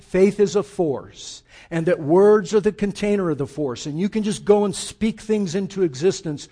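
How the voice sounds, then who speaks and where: A middle-aged pastor delivers an impassioned sermon, his voice sitting a little higher than most men's. He pushes hard on key points, then drops to a hushed, intense near-whisper. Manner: impassioned, swings from loud urging to hushed intensity.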